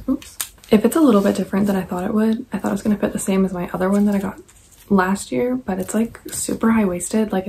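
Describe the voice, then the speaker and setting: A woman's voice: mid-range voice, vocal fry, dark tone, a little hiss or hum, rough recording. A young woman vlogging at home, chatting casually to camera about clothes she bought, rambling with many "like"s and sometimes half whispering. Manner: chatty, rambling, lots of "like" and "I don't know"; partly whispering. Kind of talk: casual haul chat to camera. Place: at home, indoors.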